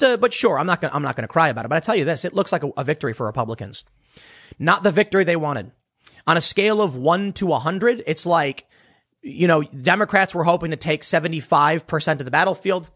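Guy ranting about politics, kinda high voice, sarcastic and pushy, trips over his words a lot. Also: a bit bright. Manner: emphatic, sarcastic, often restarts words. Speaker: political commentator. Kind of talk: opinionated political commentary.

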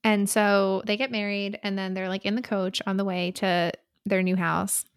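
Young woman, podcast co-host, animated, filler-heavy, mid-pitched, dry sound. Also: normal speed, smooth, no room sound. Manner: animated, laughing asides, fillers, swears. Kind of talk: casual book discussion.

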